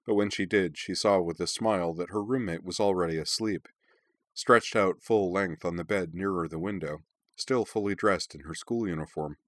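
A man reading a novel aloud in measured, even storytelling narration. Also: low-pitched, dry recording. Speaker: audiobook narrator. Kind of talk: scripted narration.

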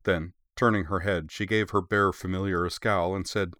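A man reading a story aloud in steady, measured scripted narration. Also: low-pitched, no room sound, clean studio sound. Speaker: audiobook narrator.

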